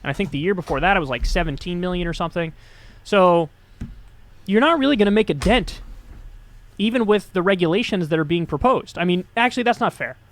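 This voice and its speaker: A man calmly laying out his view on a policy, hedging and thinking aloud. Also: sits high, a little fast. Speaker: political commentator in a played clip. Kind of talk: measured political commentary.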